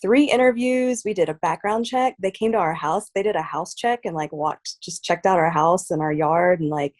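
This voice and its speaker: Woman guest from Texas, low-ish voice, relaxed, filler-heavy talk. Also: moderate pace, hardly any pauses. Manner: soft-spoken, lots of fillers like "like" and "um". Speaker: guest, fighter. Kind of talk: casual interview chat.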